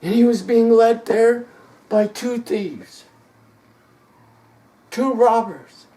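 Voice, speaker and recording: A preacher telling a story in a sermon, dramatic and repetitive, rising to shouts. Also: medium pitch, slow pace.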